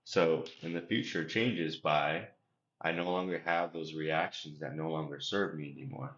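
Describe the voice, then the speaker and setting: A man's voice: very deep voice, steady tone, normal speed, fairly bright tone. A man coaching on emotional regulation, speaking earnestly in a rambling podcast interview, often repeating his words. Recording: roomy, dull lo-fi sound.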